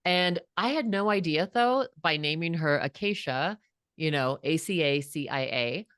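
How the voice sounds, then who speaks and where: A woman's voice: deep voice, animated, a little slow, fairly bright tone, clean tone, no echo, clean studio sound. A woman in her fifties, a guest author, telling a personal story in an earnest, reflective way with frequent restarts. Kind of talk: heartfelt storytelling.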